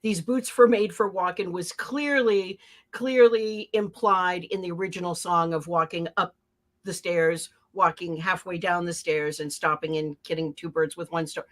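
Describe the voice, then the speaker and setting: A woman's voice: on the low side, steady tone, moderate pace. Female variety host, teasing and stammering through improv banter.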